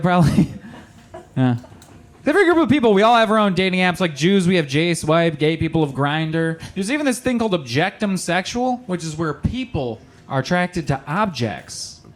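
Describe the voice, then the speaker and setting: A young man from Michigan doing a stand-up comedy set, with deadpan punchlines and quick put-on voices for the people in his stories. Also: sits high. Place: small comedy club with live audience.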